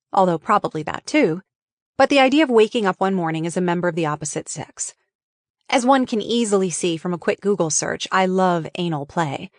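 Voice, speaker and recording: A woman's voice: fairly low pitch, no room sound, clean studio sound. Frank, wry woman reading her memoir. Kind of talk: audiobook memoir narration.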